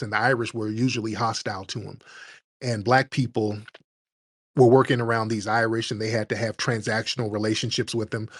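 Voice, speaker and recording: A man's voice: medium pitch, no echo. A man, hosting a call-in stream, speaks bluntly and argues hard with plenty of profanity. His voice sits in an ordinary middle range. It is recorded dry and close, with no room sound. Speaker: show host. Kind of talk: casual livestream talk.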